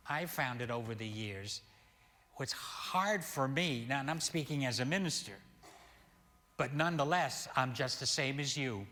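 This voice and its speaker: An older man, a minister, giving a sermon in a slow, deliberate way, stressing key words. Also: on the high side, pushed and bright. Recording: hall reverb.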